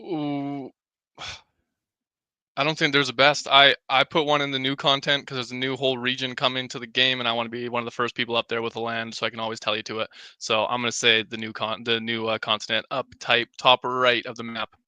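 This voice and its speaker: Bright, clear-voiced man guest. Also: medium pitch, little pitch movement, no room sound. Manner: casual, quick, enthusiastic. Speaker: game marketing guest. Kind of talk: podcast interview answers.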